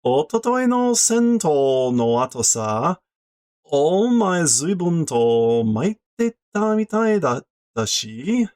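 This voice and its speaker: A man reading a curious, chatty teenage schoolboy's lines aloud in careful, halting learner's Japanese. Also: on the high side, sing-song, darkish tone, no room sound, pitched above the performer's own voice.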